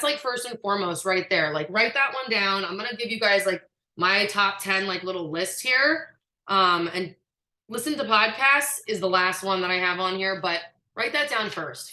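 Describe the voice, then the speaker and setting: A woman with a lowish, forceful voice speaks candidly and emphatically to her team, sprinkling in filler words and occasional swearing. The sound comes through an echoey room. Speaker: direct-sales team trainer. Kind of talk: casual motivational talk.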